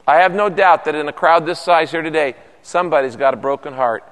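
A middle-aged man preaches a sermon in a folksy, animated way, joking with his congregation. His voice sits rather high for a man. The long reverb of a large hall trails after each phrase. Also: fairly quick. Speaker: pastor.

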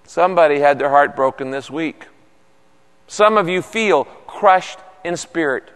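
Animated middle-aged male pastor preaching. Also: on the high side, measured pace, smooth. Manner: animated, folksy preaching with humor. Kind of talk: sermon. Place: large church hall. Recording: long reverb of a big hall.

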